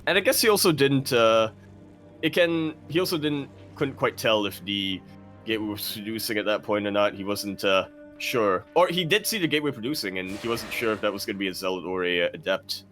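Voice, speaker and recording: A man casting a live strategy game tournament, chatty and laughing easily, with quick excited bursts. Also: on the low side, soft background music. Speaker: esports caster.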